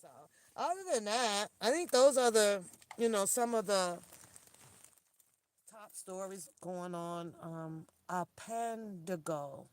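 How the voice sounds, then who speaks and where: A woman's voice: mid-range voice, takes it slowly, a little mellow. A woman vlogging from her car on a phone, ranting in an exasperated, laughing way and swearing freely. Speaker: vlogger talking to her viewers. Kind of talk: animated casual rant to camera. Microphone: phone camera.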